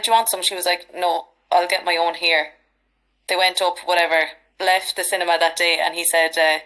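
An Irish woman in her thirties tells stories on a podcast in a casual, animated way, with plenty of frank swearing. Her voice sits a little low for a woman. She keeps the chat loose and lively. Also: poor audio. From Ireland. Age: 30s. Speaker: podcast guest.

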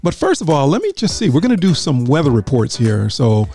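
Music plays behind a North Carolina host whose mellow, high voice swings hugely in pitch as he talks a little fast. On his live radio and stream show he does a chat roll call, talks casually with listeners and laughs at his own jokes.

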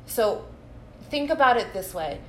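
A tired woman co-hosting a casual faith podcast, playful and quick to laugh. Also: fairly high pitch, animated, a bit bright, a little hiss or hum. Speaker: podcast co-host. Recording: echoey room.

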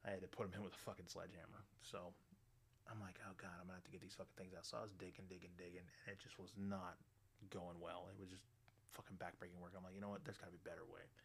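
A middle-aged man hosting a radio show, ranting bluntly and swearing constantly, loud and animated. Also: low-pitched, quick pace, creaky, breathy edge. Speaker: radio host. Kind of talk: profane ranting monologue.

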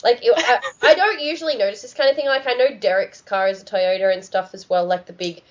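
A woman's voice: a little high, fast talker. A woman podcast host chatting casually, rambling with many fillers. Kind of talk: casual chat. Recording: muffled lo-fi audio.

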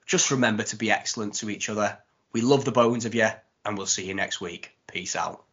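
A man's voice: fairly low pitch, brisk, a bit bright, husky. A man hosting a podcast in a casual, jokey way, full of ums and asides. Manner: chatty, jokey, with many ums. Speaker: podcast host. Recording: dull lo-fi podcast audio.

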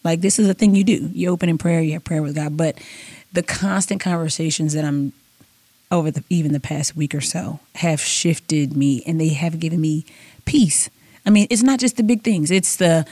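Animated woman telling stories, low voice. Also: quick pace, dry recording. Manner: animated storytelling, acts out dialogue, laughs often. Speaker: guest, author and speaker. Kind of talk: faith podcast conversation.

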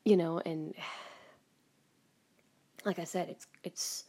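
A woman's voice: on the low side, fairly even intonation, slow, mellow, slightly rough. A woman hosting her own podcast, chatting casually at home, rambling with frequent laughs and some swearing. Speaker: podcast host. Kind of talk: casual personal monologue. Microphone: home recording.

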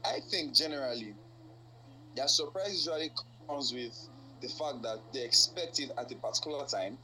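Male guest, bright tone, hesitant and thoughtful. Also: mid-range voice, moderate pace, a little hiss or hum, poor audio. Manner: hesitant, thoughtful, many fillers. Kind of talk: casual chat.

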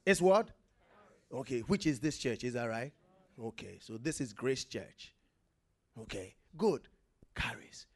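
A man's voice: mid-range voice, animated, measured pace. A man preaching a sermon, emphatic and full of questions to the congregation, getting them to repeat words after him.

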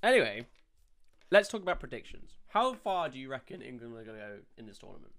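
Teasing hungover man with a gravelly voice. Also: medium pitch, big pitch swings, fast talker, fairly bright tone. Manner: teasing, dry banter. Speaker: podcast co-host. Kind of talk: casual podcast chat.

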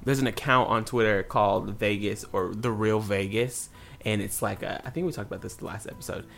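Animated man in casual gossip chat. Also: fairly quick, creaky. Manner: animated, bursts into high laughs. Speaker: podcast co-host.

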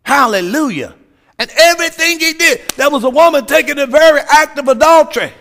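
A man preaching a fervent sermon, shouting his points and calling out hallelujahs. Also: extremely high pitch, lively intonation, brisk.

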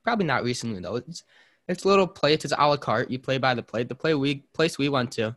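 A man's voice: medium pitch, expressive, fast, fairly bright tone. Rambling man hosting a casual podcast. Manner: rambling, many fillers and restarts, jumps between topics. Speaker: podcast host. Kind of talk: casual chat.

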